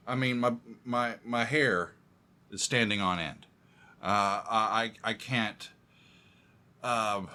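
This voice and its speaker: A male composer gives music reaction commentary in a medium-pitched voice, excitedly humming along and talking to viewers as if they were friends.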